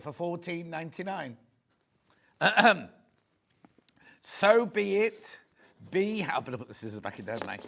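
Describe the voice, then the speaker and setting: A man's voice: high-pitched, fairly bright tone. A man presenting live on a shopping channel from a TV studio, chatting in a rambling, gushing way with plenty of asides. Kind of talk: live sales demo chat.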